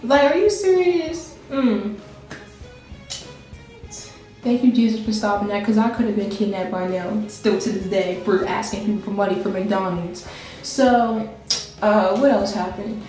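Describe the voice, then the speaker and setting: A woman's voice: medium pitch, unhurried, pauses often, darkish tone. A young woman telling a personal story in casual chat, rambling and laughing as she goes. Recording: very echoey room with faint music.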